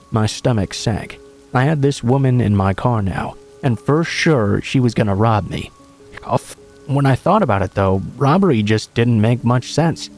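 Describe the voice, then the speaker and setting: Male horror story narrator, mid-range voice, measured dramatic read, faint music underneath. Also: medium pitch, a little mellow. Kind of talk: scripted narration of a true scary story.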